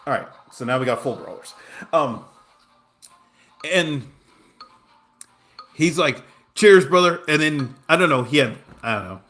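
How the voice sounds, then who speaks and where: A man's voice: mid-range voice, lively intonation, a little slow, pauses often, bright, forceful tone. A man chatting casually on a livestream, telling a rambling story full of fillers and restarts while reacting to his game. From Southern California. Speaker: game streamer.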